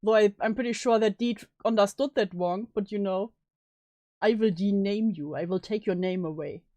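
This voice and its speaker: A woman's voice: medium pitch, normal speed, mellow, dry recording. A woman streamer reacting to a video with joking, sarcastic asides. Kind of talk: casual reaction commentary.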